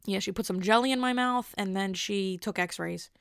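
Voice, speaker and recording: A woman's voice: medium pitch, moderate pace, vocal fry, fairly bright tone, clean tone, dry recording, studio quality. A woman in her twenties hosting a podcast, telling stories in a rambling, casual monologue full of "like" fillers. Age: 20s. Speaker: podcast host.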